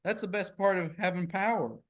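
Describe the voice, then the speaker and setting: A man's voice: high voice, a little fast. A man, co-hosting a podcast in casual, joking, playfully incredulous chat. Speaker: podcast co-host.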